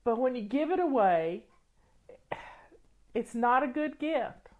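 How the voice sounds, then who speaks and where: Over phone-quality audio, a livestream host reads comments in a casual stream, teary and sniffling. She speaks slowly in a slightly high voice with lively intonation, rambling warmly, restarting often and laughing.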